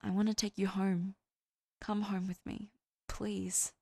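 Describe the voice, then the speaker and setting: A woman's voice: medium pitch, little pitch movement, slow, vocal fry, mellow. A woman reading as a pleading, eager young man. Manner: pleading, intimate.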